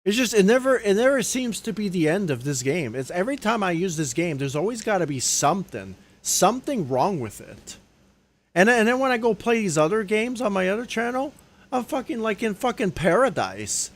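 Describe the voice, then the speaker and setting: A young man rants angrily into his desk mic during a livestream. He swears constantly and keeps ending his sentences on a low, muttered "dude". His voice sits high and jumps wildly between peaks and dips. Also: very animated, brisk. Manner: angry, profane ranting, trailing off low on "dude". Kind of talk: live stream rant. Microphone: desk microphone.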